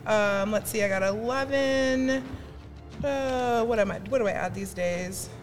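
A woman's voice: on the high side, a little slow, soft background music. A woman playing a live tabletop game on stage, with bubbly, playful banter. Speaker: player. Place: convention stage, live audience.

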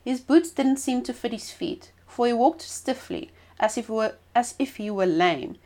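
A woman reading a folk tale aloud as storyteller, expressive with small stumbles and restarts. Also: on the high side, moderate pace.

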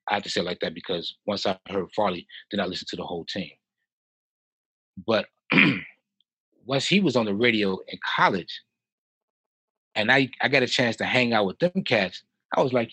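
A man in his fifties from Chicago, a house music producer telling stories as a podcast guest in a lively way, with frequent laughs and restarts. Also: on the low side, moderate pace, husky, dry recording, poor audio. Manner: animated, laughs often, repeats and restarts. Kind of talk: casual storytelling in a podcast interview.

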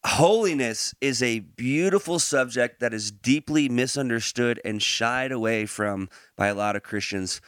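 A man hosting a podcast, moving from relaxed chat into a Bible teaching, laughing easily and using many fillers and restarts. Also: mid-range voice, a little slow, few pauses, dry recording, clean studio sound.

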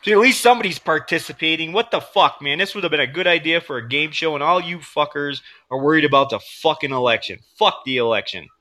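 Rowdy, lively man swearing and laughing. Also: a little high, fast, hardly any pauses. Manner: profane, laughing, joking in a rowdy voice. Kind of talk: crude comedic banter while streaming.

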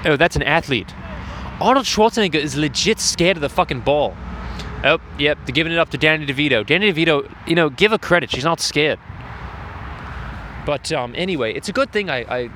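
A man's voice: fairly high pitch, animated, fairly quick, noisy background. A man giving crude, profane running commentary from the stands of a lacrosse game outdoors. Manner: profane ranting, frequent swearing. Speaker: host.

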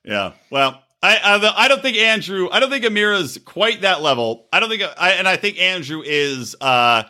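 Brief: middle-aged male co-host, sharp bright tone, animated, profane reality-TV banter. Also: high voice, normal speed. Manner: animated, profane, jokey, puts on silly voices. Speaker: podcast co-host. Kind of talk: casual reality-TV recap chat.

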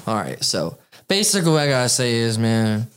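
A man's voice: medium pitch, very animated, a little fast, fairly bright tone, smooth. A man ranting on a casual podcast, boastful and heavy on the swearing. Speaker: podcast co-host. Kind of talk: casual profane podcast chat.

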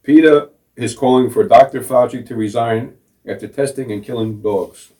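A man's voice: medium pitch, normal speed, warm tone. Sarcastic male talk show host, distant mic. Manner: sarcastic, scoffing, laughs at his own jokes. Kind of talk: mocking political talk show banter.

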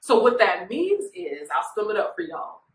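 A woman's voice: medium pitch, very animated, normal speed. Woman minister teaching with a roomy echo. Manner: informal, often checks in with listeners. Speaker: minister leading a Bible study. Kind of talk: conversational Bible study teaching. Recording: echoey room, voice far from mic.

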